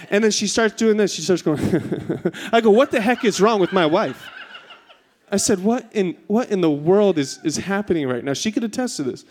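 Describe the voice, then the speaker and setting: A man in his thirties preaching a sermon in church, telling a comic story with lots of energy before turning to his message. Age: 30s. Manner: animated storyteller, rising to high excited pitch in punchlines. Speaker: pastor. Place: church stage.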